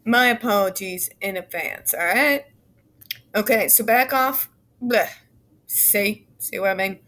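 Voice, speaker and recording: A woman's voice: mid-range voice, a little slow, bright, forceful tone. A woman reading a report aloud and breaking off into fiery, profane, sarcastic commentary, stumbling over her words now and then. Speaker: YouTube commentator.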